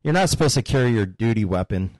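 A man in his fifties sits in as a guest on a casual podcast and tells rowdy family stories with a laugh never far off. He is crude and animated. The mic is close and the sound dry, with no room around him. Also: lowish voice, fast, dry recording. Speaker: guest, father of a host.

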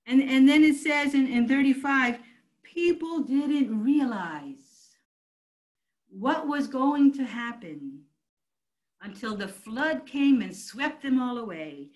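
A woman's voice: high-pitched, animated, slow, darkish tone, poor audio. A woman pastor preaching a sermon, emphatic and calling out to her congregation. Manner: emphatic preaching, calls out to the church.

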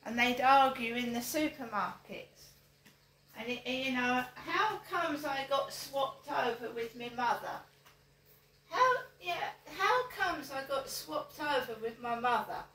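An older woman speaks slowly and deliberately in a fairly high voice. She hammers her points home and repeats them as pointed questions. Her voice rings around an echoey room. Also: animated, pushed and bright, a little hiss or hum. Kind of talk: direct-to-camera monologue.

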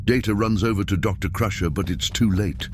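A man reading the narration of a comedy sketch in an even, deadpan way. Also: on the low side, fairly quick, shouting, over loud music. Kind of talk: scripted narration.

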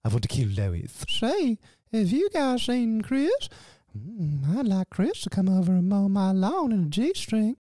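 Woman putting on goofy cartoon dad, dark tone, slow, lively pitch, dry sound. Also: slight background noise.

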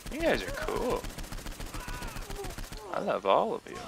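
Game music and gunfire play behind a young man giving let's play commentary. His voice is high-pitched and gravelly with huge swings in pitch, and he takes it slowly while goofing around and trash-talking the characters.

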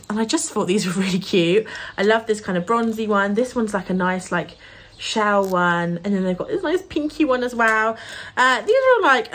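A woman's voice: medium pitch, a bit bright. Chatty young woman vlogging. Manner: chatty, rambling with many fillers and giggles. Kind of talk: casual vlog chat.

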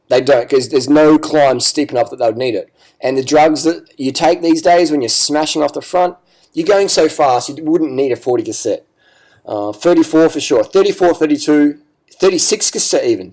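A man with a fairly high voice rants in vlog commentary. He swears constantly and sounds sarcastic and combative. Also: creaky, darkish tone. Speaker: cycling vlogger.

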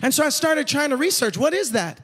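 A man preaching in a church, his voice very high for a man and carried by a long reverb. He tells stories conversationally, then rises to shouted emphasis on key points. An evangelist delivering a sermon. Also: very animated, fairly quick. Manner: storytelling, rising to shouted emphasis. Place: church sanctuary.

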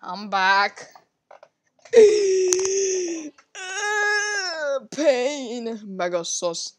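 A woman giving casual, excitable commentary while playing a game, gasping and rambling. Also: mid-range voice, measured pace. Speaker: gaming video creator.

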